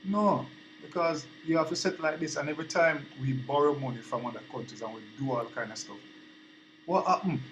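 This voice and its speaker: A man's voice: on the high side, fairly quick, a bit bright, a little hiss or hum, poor audio. A young man with a Jamaican accent giving his opinion in a casual monologue, earnest and repetitive, often asking if you understand him. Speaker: vlogger.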